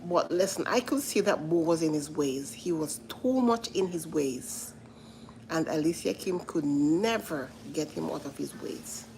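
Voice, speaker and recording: Gravelly low-voiced woman vlogger. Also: expressive, measured pace, darkish tone, slight background noise, rough recording. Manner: earnest and repetitive, often saying "listen". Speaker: vlogger reacting to a reality show. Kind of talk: casual commentary, chatting with live viewers.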